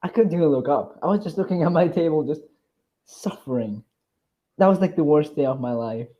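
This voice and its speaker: A man's voice: on the high side, lively intonation, brisk, lo-fi sound. A teenage boy in casual chat, telling a story with many hesitations and restarts. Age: teens. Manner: hesitant, lots of ums and restarts, embarrassed.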